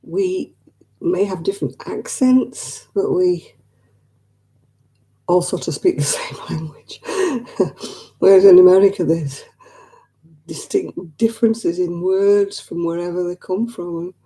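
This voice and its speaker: Very mellow-voiced woman host. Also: fairly low pitch, slow, long pauses. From northwest England. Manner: chatty, rambling, laughs easily. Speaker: craft livestream host. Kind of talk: casual chat with live viewers.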